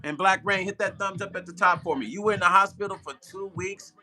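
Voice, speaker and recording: A man hosts a live stream and chats loosely with his viewers in a very bright, slightly high voice. He repeats himself for emphasis and laughs at his own slips. Faint music plays behind him. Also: fairly even intonation, a little fast.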